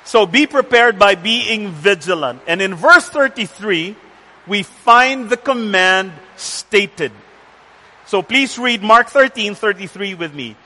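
A male pastor delivers a sermon with a high, bright, ringing voice. He speaks deliberately and with emphasis, repeating key words. The sound carries a long hall reverb. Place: church center with rain on the roof.

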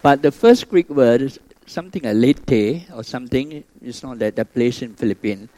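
A man preaching a sermon, telling stories with sudden swings between loud emphasis and soft asides. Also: mid-range voice, expressive, normal speed, no echo, rough recording.

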